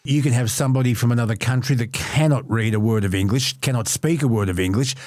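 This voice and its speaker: A man's voice: mid-range voice, fast talker, a little mellow, dry recording, studio quality. A man hosting a casual chat, making his points insistently. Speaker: host.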